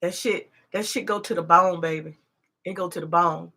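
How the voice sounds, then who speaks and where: A woman's voice: lowish voice, fairly even intonation, normal speed, bright, forceful tone. A woman hosting a rambling, profane commentary, emphatic and repetitive, full of rhetorical questions. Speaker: commentary host.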